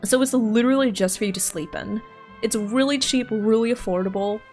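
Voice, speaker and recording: High-voiced chatty young woman streamer. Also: brisk, soft background music. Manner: excitable, chatty, laughs often. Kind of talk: casual gaming stream chat.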